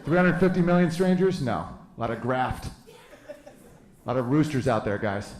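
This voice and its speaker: A man's voice: mid-range voice, lively intonation, a crowd in the background. A man in his thirties doing a brash, profane stand-up comedy set live on a club stage. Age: 30s. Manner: brash, loose and profane, with quick jokey asides. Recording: roomy live club recording with audience laughter.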